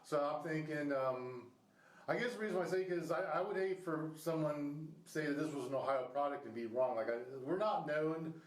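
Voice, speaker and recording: Rambling podcast host man in an echoey room. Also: a little high. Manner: rambling, halting, with many restarts and fillers. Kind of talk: casual interview chat. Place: Ohio.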